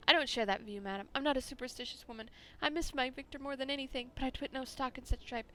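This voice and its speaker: A woman's voice: high voice, fairly even intonation, fast, bright, forceful tone, a little hiss or hum. A woman voicing a stern grieving widow who speaks formally and dismisses superstition. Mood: firm. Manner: formal, prim.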